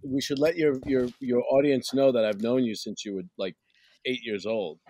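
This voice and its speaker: A middle-aged man from Brooklyn, an actor guest on an interview, relaxed and wry. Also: medium pitch, normal speed, music in the background. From Brooklyn, New York. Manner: relaxed, wry, self-deprecating. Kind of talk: casual interview chat.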